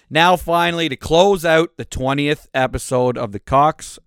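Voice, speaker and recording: A man delivers a solo podcast rant, cursing freely and jumping from loud outbursts to quieter grumbling. His voice sits a little higher than most men's. The recording is close and dry, with no room sound around it. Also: a little slow, clean tone, no echo. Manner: profane, angry ranting with swings in volume. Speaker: podcast host.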